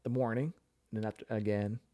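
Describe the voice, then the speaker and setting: A man's voice: lowish voice, fairly even intonation, a little fast, dark tone. A man, telling a personal story in casual chat, full of fillers and restarts. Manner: rambling storyteller with many fillers. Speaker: podcast guest sharing his story.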